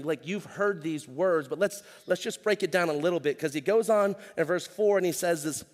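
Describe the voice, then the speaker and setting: A middle-aged man, preaching a conversational sermon as pastor and telling stories in animated slang. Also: a little high, long reverb tail. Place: church stage.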